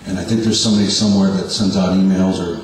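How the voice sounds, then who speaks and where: A man in his forties giving a halting, self-deprecating personal testimony to a church congregation. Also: low voice, steady tone. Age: 40s. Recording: echoey hall from far off, faint hum.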